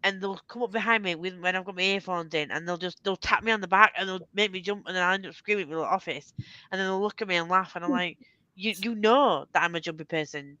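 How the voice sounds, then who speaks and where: Bright-voiced woman chatting animatedly. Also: fairly low pitch, fast, no room sound, dull audio. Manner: animated, laughs a lot. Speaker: host. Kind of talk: casual chat.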